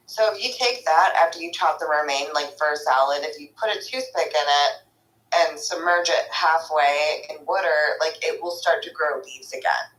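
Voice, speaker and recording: Giggly woman chatting, bright echoey voice. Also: low-pitched, normal speed. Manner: giggly, says "like" constantly, shouts joke words. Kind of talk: casual chat. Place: her van. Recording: echoey room.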